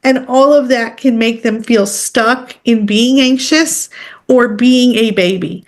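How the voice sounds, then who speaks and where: A woman teaching a workshop in a relaxed, conversational way. Her voice sits a little high, and she is direct, pausing often to check that her listeners are following. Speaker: animal communicator leading a workshop.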